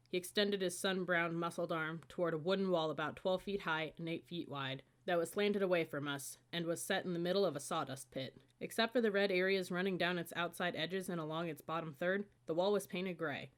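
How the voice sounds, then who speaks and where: A woman narrating an audiobook in a steady, even storytelling manner. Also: on the low side, a little fast, hardly any pauses. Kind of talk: scripted narration.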